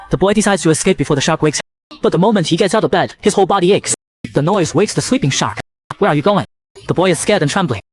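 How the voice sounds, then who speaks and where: Man, comic recap narrator, very fast, slightly high voice, brisk. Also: breathy edge.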